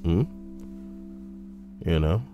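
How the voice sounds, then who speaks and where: A man's voice: low-pitched, extremely slow, mellow, soft background music. A man streaming casual commentary while reading online posts, rambling with crude, sarcastic asides.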